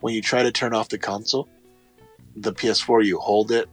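A man with a lowish voice chats casually about gaming. He rambles, repeats himself and restarts his sentences a lot. Faint music sits under the talk. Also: fairly even intonation, brisk. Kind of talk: casual chat.

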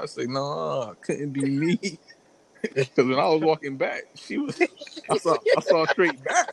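A man's voice: a little high, lively intonation, normal speed, gravelly, slight background noise, poor audio. A young man, telling a story in casual chat and laughing often. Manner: storytelling with frequent laughs and slang.

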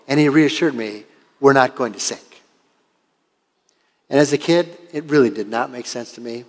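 A man's voice: medium pitch, big-room sound. An older man, a pastor from Washington State, preaching a sermon and telling a story in an earnest, conversational way. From Washington State, USA.

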